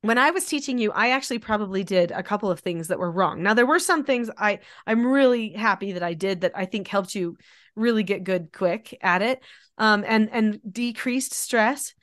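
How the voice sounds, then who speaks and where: A woman in her forties, a mother and host, talking in a chatty, animated way and acting out quotes. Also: medium pitch, moderate pace, dry recording, studio quality. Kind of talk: casual conversation.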